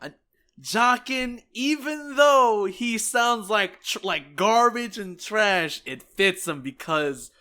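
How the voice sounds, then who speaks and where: A man co-hosting a casual anime podcast, joking and expressive. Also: high voice, slow pace, clean tone. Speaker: podcast co-host. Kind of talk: casual anime recap chat.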